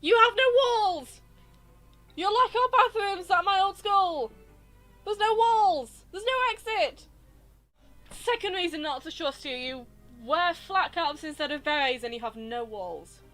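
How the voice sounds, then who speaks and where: A woman's voice: very high voice, measured pace, soft background music. Ranting woman streaming a game. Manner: ranting, exasperated, animated. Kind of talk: live gaming stream commentary. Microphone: headset.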